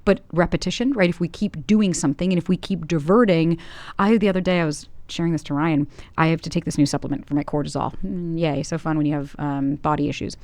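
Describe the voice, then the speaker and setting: A woman coach in a relaxed podcast chat, rattling along quickly in a lowish voice. She is blunt and animated, swears offhand, and acts out her own inner voice and rhetorical questions. The sound is close and dry. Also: dry recording. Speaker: guest coach. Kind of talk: casual podcast conversation.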